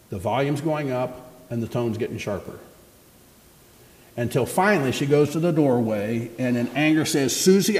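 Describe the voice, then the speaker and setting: A man's voice: a little high, dark tone. A man preaching a sermon as pastor, telling stories in a conversational way and asking the congregation questions. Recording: echoey hall reverb.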